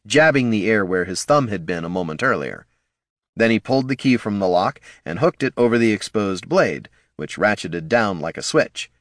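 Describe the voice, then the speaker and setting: A man narrating an adventure story in a lively, expressive reading voice. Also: fairly low pitch, dry recording, studio quality. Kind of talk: audiobook narration.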